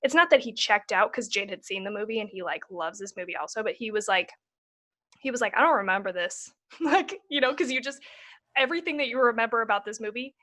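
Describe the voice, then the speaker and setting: Bright, higher-voiced woman co-host. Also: fast. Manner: casual, filler-heavy talk with lots of "like". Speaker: podcast co-host. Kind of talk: casual chat reviewing a film.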